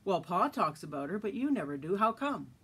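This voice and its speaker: A woman's voice: medium pitch, very animated, brisk, fairly bright tone, breathy edge, full character voice. A woman reading a story aloud, voicing an impulsive young male cowboy who keeps pressing with questions. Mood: insistent.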